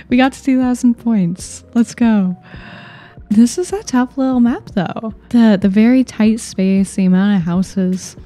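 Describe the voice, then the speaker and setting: A woman's voice: fairly high pitch, slow, dark tone, faint music behind. A woman giving casual gameplay commentary, thinking aloud in a wry, self-mocking way.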